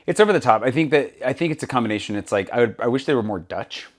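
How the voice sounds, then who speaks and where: A man's voice: mid-range voice, racing. A man hosting a podcast, chatting casually and acting out the exchanges in the stories he tells. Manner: animated storyteller, acts out quoted exchanges. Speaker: podcast host. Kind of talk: casual conversation.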